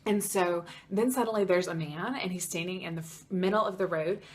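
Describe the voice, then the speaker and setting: A young American woman telling a story in a casual vlog, chatty and animated, with lots of "like" in her speech. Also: fairly low pitch, a little fast. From United States. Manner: chatty, animated, heavy use of "like". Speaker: vlogger.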